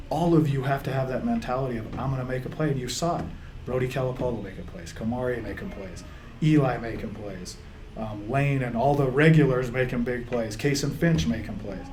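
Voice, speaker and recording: A man's voice: medium pitch, brisk, a little mellow, slight background noise. A man, a football coach, speaking in an interview, rambling with restarts and reliving his team's season. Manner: gets choked up, laughs through tears. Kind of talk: emotional interview reflection.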